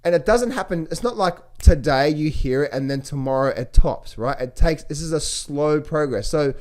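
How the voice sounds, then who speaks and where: A man talking casually about markets to viewers, animated, repeating words and mimicking other people's voices. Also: fairly high pitch, normal speed. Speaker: trading educator. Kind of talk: casual market commentary to camera.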